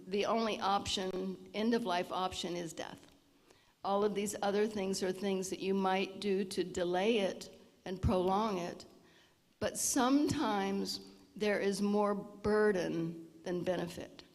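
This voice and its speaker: A woman giving an informal lecture with storytelling, often clearing her throat. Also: medium pitch, a little mellow. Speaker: health presenter at a seniors' event. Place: church hall. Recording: long reverb of a large hall.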